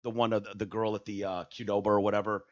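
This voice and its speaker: Rambling low-voiced podcast host, man. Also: little pitch movement, quick pace. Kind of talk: casual podcast chat. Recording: dull lo-fi audio.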